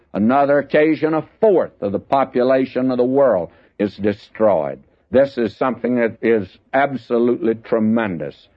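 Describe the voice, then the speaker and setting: An older man giving folksy radio Bible teaching, lifting his voice when he reads the verses. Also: medium pitch. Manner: folksy, reads scripture with raised emphasis. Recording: dull lo-fi radio broadcast.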